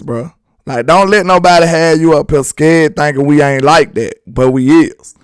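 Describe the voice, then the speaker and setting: Young man, fired-up sports host, slangy hype talk, smooth clear voice, dry close sound. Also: a little high, normal speed, dry recording. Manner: hyped, slangy, preaching confidence to fans.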